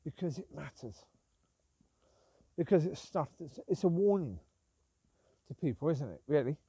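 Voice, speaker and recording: A man's voice: a little high, animated, moderate pace, creaky, dark tone, slightly rough, no room sound. A man talks casually about ministers and sin while out walking his dogs, rambling and breaking off to call to them. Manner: rambling, calls out to his dogs between points. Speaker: Christian talk vlogger. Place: outdoors on a walk.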